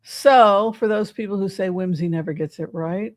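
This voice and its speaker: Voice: mid-range voice, normal speed, no echo, clean studio sound. A psychic tarot reader giving casual livestream commentary in a chatty way, often asking the audience rhetorical questions.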